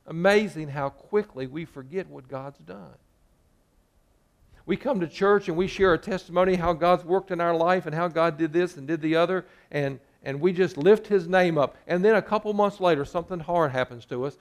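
Slightly high-voiced male pastor preaching. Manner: preaching, acting out quoted complaints. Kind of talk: sermon.

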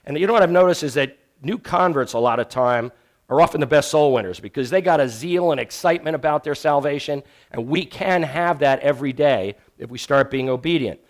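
A man's voice: on the high side, a little fast. Earnest man preaching on evangelism. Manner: earnest, storytelling preacher who drops to a hush for emphasis. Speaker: evangelism teacher. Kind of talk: sermon on sharing faith.

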